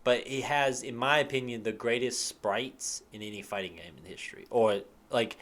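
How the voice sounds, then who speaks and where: Brief: male co-host, mid-pitched, enthusiastic and profane in casual gaming chat. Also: normal speed, fairly bright tone. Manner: enthusiastic, swearing, hums tunes and acts out quotes. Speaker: podcast co-host.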